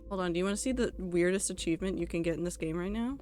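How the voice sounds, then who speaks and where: A woman's voice: lowish voice, fast, hardly any pauses, over music. A woman streaming a game, chatting casually and rambling with lots of fillers. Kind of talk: casual live-stream chat while gaming.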